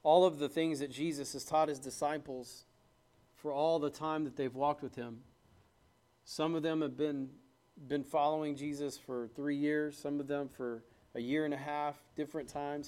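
A man preaching a sermon at a church service, quoting scripture in old King James wording and swinging between loud, fast exclamation and low, hushed emphasis.

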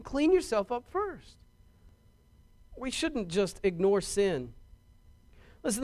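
A middle-aged man preaching a sermon as pastor, stressing points emphatically and often repeating words. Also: sits high.

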